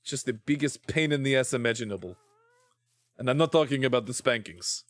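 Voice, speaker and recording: A man's voice: medium pitch, a little fast, no room sound, natural voice. A man putting on a mock Russian accent to play a stern, bossy man scolding a runaway animal with teasing threats. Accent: put-on Russian.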